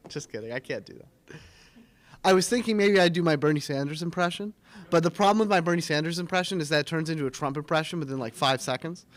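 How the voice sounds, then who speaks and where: A young man hosting a casual live student TV segment, joking and mock-pompous with quick asides. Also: fairly high pitch. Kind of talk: casual live-stream banter. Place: small studio room.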